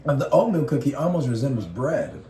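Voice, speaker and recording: A man's voice: mid-range voice, animated, fairly quick, warm tone. Guy rambling on about snacks at home, says like i said a lot, medium voice, roomy echo. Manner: rambling, repeats "like I said". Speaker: vlogger co-host. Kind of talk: casual chat while eating. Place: home, indoors. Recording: echoey room.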